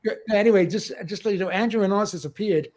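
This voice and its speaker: A man co-hosting a music livestream, chatting casually in an animated way and laughing often. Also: high voice, fast. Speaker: livestream co-host. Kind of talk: casual chat.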